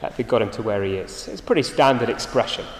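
A man preaching a sermon, earnest and emphatic, his phrases often sinking soft and low at the end. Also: fast. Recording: echoey hall, reverberant.

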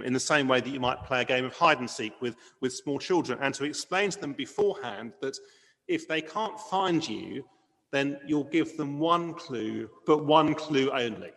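A man's voice: mid-range voice, normal speed, long reverb tail. A man preaching a sermon in an earnest manner, asking rhetorical questions and leaning on key words. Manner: earnest, varies loudness for emphasis, rhetorical questions.

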